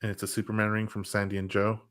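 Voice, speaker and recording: A man's voice: lowish voice, completely flat delivery, fast, a bit bright. A man co-hosting a casual web show, chatting and teasing his co-hosts. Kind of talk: casual chat.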